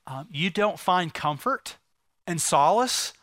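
A male pastor preaching a sermon, telling a story and often sinking to a hushed, soft delivery at tender moments. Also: high voice, lively intonation, slow pace, no room sound, clean studio sound.

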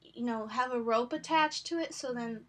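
A woman's voice: a little high, moderate pace, a bit bright. A young woman with a sore voice, co-hosting a podcast in casual, joking chat full of fillers. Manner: giggly, joking, rambling with many fillers. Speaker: podcast co-host.

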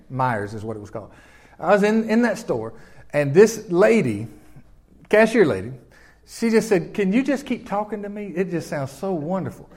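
An older Southern man delivers a sermon with a notably high voice for a man. He preaches in a folksy, homespun way and keeps turning to the congregation with questions. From Memphis, Tennessee. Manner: folksy, conversational, peppered with rhetorical questions to the congregation. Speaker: pastor.

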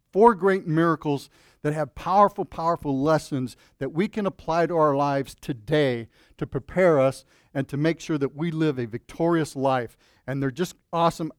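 A man's voice: a little high, a little mellow, no echo, clean studio sound. A man preaching as a pastor at a church service, praying earnestly and then telling a folksy joke with many fillers and restarts. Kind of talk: sermon with opening prayer.

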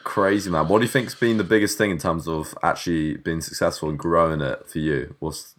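Low-voiced casual podcast host. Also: male voice, fairly even intonation, fairly bright tone, a little hiss or hum. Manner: halting, restarts, casual slang. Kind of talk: casual interview questions.

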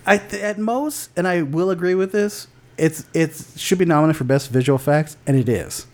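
A man's voice: fairly high pitch, moderate pace, a little mellow. A man co-hosting a podcast, chatting casually and bluntly about film award nominations, with lots of restarts and casual swearing. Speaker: podcast co-host.

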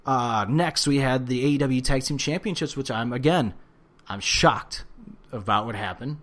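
A man recapping wrestling on a casual podcast, his voice sitting at an ordinary middle pitch. He rants, swears freely and breaks into loud outbursts. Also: normal speed. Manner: animated, profane, rants with bursts of shouting. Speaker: podcast co-host.

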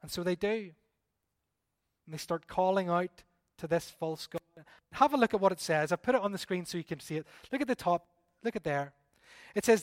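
High-voiced man preaching with fervor. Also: moderate pace, long pauses, no room sound, studio quality. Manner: animated, emphatic, with repeated appeals. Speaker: pastor. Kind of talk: sermon. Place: church service.

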